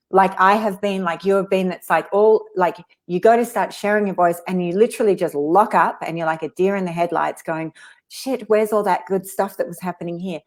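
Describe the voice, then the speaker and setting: A woman hosting a casual interview, chatty and quick to laugh, with lots of "like" in her speech. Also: mid-range voice. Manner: chatty, laughs often, says "like" a lot. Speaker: podcast host.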